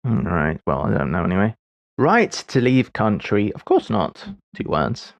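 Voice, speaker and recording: A man's voice: lowish voice, very animated, a little slow, gravelly, no room sound. A man in his forties streaming live, muttering half-finished thoughts and chuckling at his own mistakes as he works through puzzles. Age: 40s. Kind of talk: thinking aloud while solving puzzles on a live stream.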